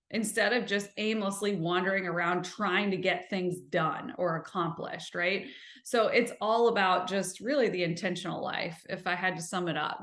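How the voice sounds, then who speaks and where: A woman hosts a self-help podcast, her rather low voice carrying a roomy sound. She speaks earnestly in a coaching tone, poses rhetorical questions to listeners, and slows and softens when describing gentle listening.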